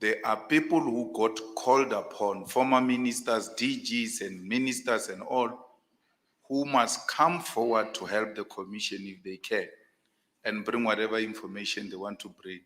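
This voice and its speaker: A man's voice: lowish voice, moderate pace, fairly bright tone, in a large hall. A South African man questioning a candidate on a formal panel, emphatic and insistent. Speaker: panel commissioner.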